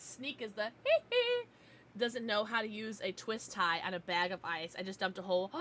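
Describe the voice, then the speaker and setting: A young American woman chats on a livestream, her voice bright and forceful. She rants animatedly and laughs often. A faint noise sits under the recording. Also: on the high side. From United States. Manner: animated, ranting, laughing often, talks to pets. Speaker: streamer. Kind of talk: casual livestream chat with viewers.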